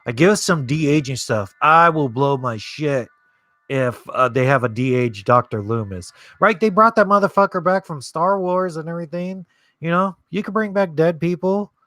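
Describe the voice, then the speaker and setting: A man's voice: a little high, expressive, normal speed, sharp tone, no room sound. Casual profane man streaming a watch-along. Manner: rambling, profane, reads chat aloud. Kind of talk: casual live-stream chat.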